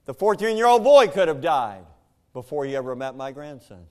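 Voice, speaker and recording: An older male pastor delivering a sermon in a fervent, emotional voice. He surges into loud, pleading questions, then drops to a low, weary hush as he tells a family story. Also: sing-song, normal speed, smooth. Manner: emotional storytelling, swinging from shouted questions to hushed, heavy delivery.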